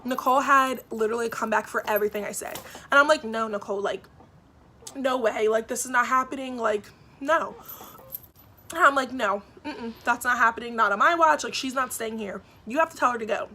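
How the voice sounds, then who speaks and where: A young woman in her twenties vlogging a storytime, retelling events in a lively way with lots of "like" and acted-out quotes. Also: a little high, fairly quick, slight background noise. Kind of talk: storytime vlog.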